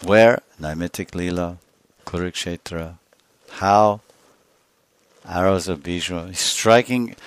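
A man's voice: low voice, takes it slowly, pauses often, smooth, no room sound. A man giving a scripture lecture as a spiritual teacher, telling stories animatedly and acting out scenes. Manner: animated storytelling, acts out scenes.

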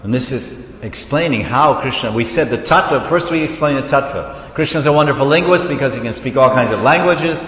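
A man gives an animated devotional talk, his voice ringing through a roomy hall with a long reverb tail. The sound is dull and lo-fi, with faint noise underneath. He tells stories with lively energy. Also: medium pitch, a little fast, hardly any pauses. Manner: animated storytelling, laughs, sings syllables. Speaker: preacher. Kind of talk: devotional class.

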